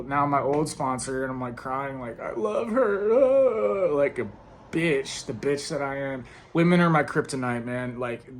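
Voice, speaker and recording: A man's voice: medium pitch, a bit bright, a little hiss or hum. A young man casually telling a personal story about addiction and a breakup, rambling with lots of fillers and tag questions. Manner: rambling, filler-heavy, frequent "like" and "right?".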